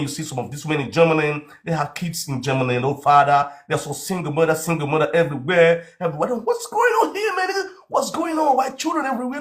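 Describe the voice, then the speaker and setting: A man with a Nigerian accent giving an animated comic rant, swinging into shouts and mock accents. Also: mid-range voice. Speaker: comedian.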